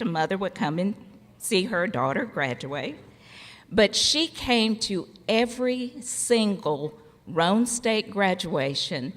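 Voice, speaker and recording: Slow-spoken woman in a reverberant hall. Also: mid-range voice. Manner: slow, deliberate delivery with pauses for laughs. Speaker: commencement speaker, former college faculty member. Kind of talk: formal ceremony speech with humorous storytelling. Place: large hall at a graduation ceremony. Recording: long reverb of a large hall.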